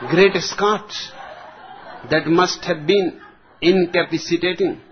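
A man voicing an eager young army captain who keeps asking excitedly what happened next. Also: sits high, takes it slowly, a little hiss or hum. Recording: dull lo-fi recording.

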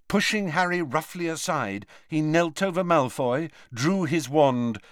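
Slow, dramatic male audiobook narrator. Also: medium pitch, dry recording, clean studio sound. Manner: dramatic storytelling. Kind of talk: scripted narration.

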